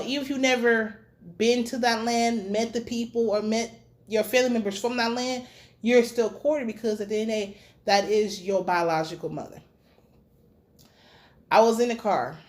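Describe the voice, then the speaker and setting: Animated, profane woman reviewing a show. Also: mid-range voice. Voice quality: animated, profane, dramatic voice swings. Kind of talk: casual recap and commentary.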